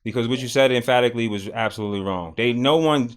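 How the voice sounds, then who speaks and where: A man hosting a livestream, arguing loudly and emphatically with a guest, with frequent profanity. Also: mid-range voice, fast talker. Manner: loud, emphatic, profane, argumentative. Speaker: livestream host. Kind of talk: heated political debate on a livestream.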